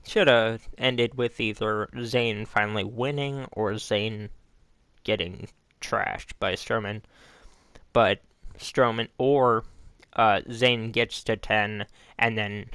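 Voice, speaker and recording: Man, slow-paced, smooth clear voice, dry close sound, casual rambling wrestling recap. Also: fairly low pitch, a bit bright, no room sound. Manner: rambling, self-correcting, loose and informal. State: hiccups. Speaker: wrestling show reviewer.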